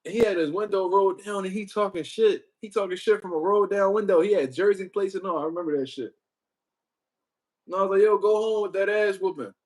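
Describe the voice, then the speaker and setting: A man hosting a livestream, talking casually with heavy profanity and animated storytelling. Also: high voice, fast. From Puerto Rico. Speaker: livestream host.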